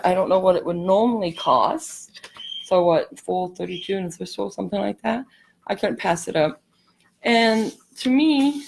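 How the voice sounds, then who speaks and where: A woman's voice: mid-range voice, creaky, a little mellow, a little hiss or hum. A woman hosting a live craft tutorial, chatting in a rambling, apologetic way as she works. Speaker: craft channel host.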